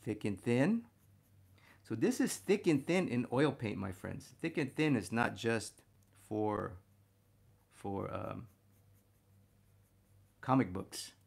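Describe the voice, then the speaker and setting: A man teaching a figure drawing lesson as he sketches, talking warmly to viewers as "my friends" and getting excited about the details he spots. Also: mid-range voice, slow, gravelly, long pauses, slightly rough. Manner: enthusiastic, talks to "my friends" while drawing. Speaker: art instructor.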